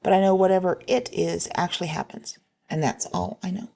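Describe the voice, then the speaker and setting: A woman reads posted stories aloud in a plain, even delivery, now and then stumbling and restarting a word. Her voice sits on the low side with a gravelly, creaky edge and a dark, mellow tone. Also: brisk. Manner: plain, steady reading with a few slips and restarts. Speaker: reader of online stories. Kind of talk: reading posts aloud.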